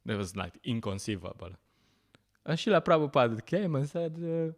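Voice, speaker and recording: A man giving a scripture class, telling stories in an animated way, often laughing and pausing with fillers. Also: medium pitch. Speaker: lecturer at a temple program.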